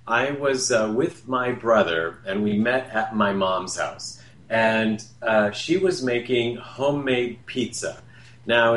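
A man's voice: on the low side, fairly bright tone. A man hosting a radio talk show, telling a personal story in a casual, rambling way with restarts and self-corrections. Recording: roomy echo, faint background hum.

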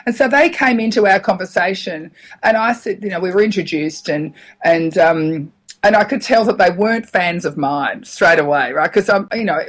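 A middle-aged woman, a radio comedian, telling stories in a casual interview, animated and laughing often. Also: fairly low pitch, normal speed.

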